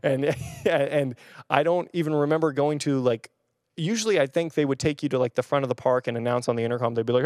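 A young male pastor gives a casual sermon on camera, in a church or room, weaving in a personal story with chatty rambling, fillers and restarts. His mid-range voice is fairly quick with a darkish tone, recorded in studio quality with no room sound.

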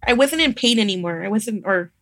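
A young adult woman, a midwife guest on a podcast, telling a personal story in a casual, animated way and acting out the voices of others. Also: medium pitch, brisk, slight background noise. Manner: animated, acts out quoted voices, laughs often.

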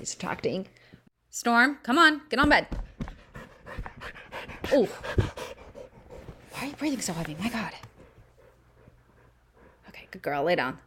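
A young woman chats on her own podcast in a somewhat low voice. She rambles, pokes fun at herself, laughs often and swears freely. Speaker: podcast host. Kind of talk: casual solo podcast chat.

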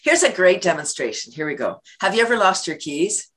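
A woman being interviewed who laughs often and acts out quick little scenes as she talks. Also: fairly low pitch, very animated, a bit bright. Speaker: guest, laughter yoga leader and worm business owner. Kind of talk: enthusiastic interview talk.

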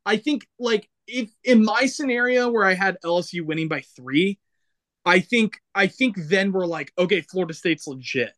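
A man's voice: high voice, lively intonation, moderate pace, fairly bright tone, dry recording. A young man co-hosting a podcast, chatting casually about football and often restarting his sentences while weighing a point. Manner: hesitant, restarts phrases, agreeable. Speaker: podcast co-host. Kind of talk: casual sports chat.

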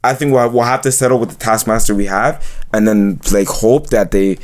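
A man's voice: on the low side, fairly quick. A young man in casual chat, laid-back and hesitant, sounding unimpressed by the film.

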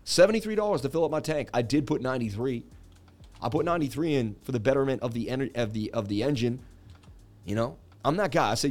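A man's voice: medium pitch, expressive, fast talker, faint music behind. A man hosting a casual livestream, joking and chatting while he reads viewer comments and walks through charts. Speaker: crypto livestream host.

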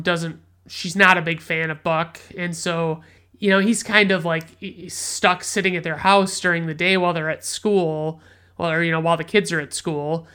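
A woman hosts a laid-back film review podcast, speaking with a fairly low pitch and a pushed, bright, clear, resonant tone. She retells movie scenes in a rambling, profane way, often restarting and using fillers.

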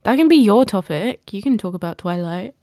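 A woman's voice: mid-range voice, expressive, brisk, warm tone, no echo, studio quality. A woman co-hosting a podcast in casual chat, chatty and laughing often. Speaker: podcast co-host.

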